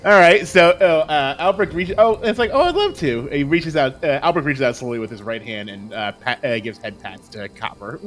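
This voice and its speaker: A player in a tabletop game describing a character's actions, excitable and flustered. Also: medium pitch, normal speed, hardly any pauses, soft background music. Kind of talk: tabletop role-play.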